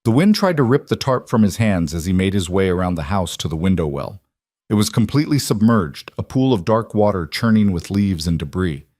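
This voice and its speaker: Male audiobook narrator; low, measured storytelling, dry studio sound. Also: expressive, darkish tone, no echo. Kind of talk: scripted narration.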